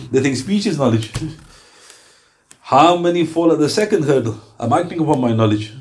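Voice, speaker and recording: A man's voice: on the high side, darkish tone. A man giving a religious lesson, posing rhetorical questions and reeling off lists of references. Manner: emphatic, rhetorical questions, rapid citation lists. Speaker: Islamic teacher.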